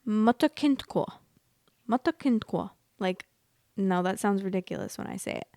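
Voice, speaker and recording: A young American woman hosting a casual storytime vlog, chatting and reacting to online stories with animated, exaggerated remarks. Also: lowish voice, a little fast, vocal fry, no echo, studio quality. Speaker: host reading online stories.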